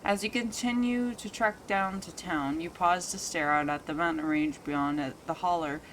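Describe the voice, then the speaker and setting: A woman's voice: fairly low pitch, a bit bright, a little hiss or hum. A woman streaming a story game, reading narration aloud and fretting in muttered asides. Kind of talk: let's play commentary and narration reading.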